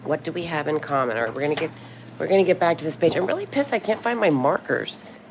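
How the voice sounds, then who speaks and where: A woman's voice: deep voice, animated, quick pace, a little hiss or hum. A woman in her sixties chatting casually on a live stream, talkative and swearing freely when frustrated. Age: 60s.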